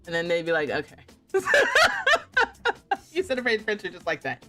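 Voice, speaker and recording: A young woman from the United States chats casually while she plays a game, her pitch swinging widely as she acts out what people said. She laughs often and keeps the story lively, with faint music playing behind her. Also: normal speed. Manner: animated, laughs often, acts out quoted voices. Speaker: streamer.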